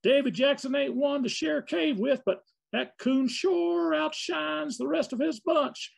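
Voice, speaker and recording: A bragging old mountain-man trapper, as a male speaker puts him on, crowing in a thick backwoods drawl. The voice sits far above the man's usual register and keeps a gravelly, creaky grain. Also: very high voice, measured pace, voice pushed up, exaggerated voice. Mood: boastful.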